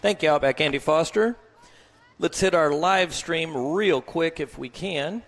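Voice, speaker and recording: A man's voice: on the high side, unhurried, a bit bright. Upbeat booth race announcer man. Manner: upbeat broadcaster delivery.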